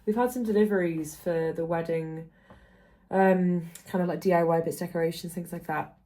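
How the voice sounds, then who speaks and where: A young woman vlogger with a sore throat from hay fever rambles casually and chattily, using many fillers, while holding her phone in her hand. Her voice is fairly low-pitched and dark-toned, steady, at a normal speed.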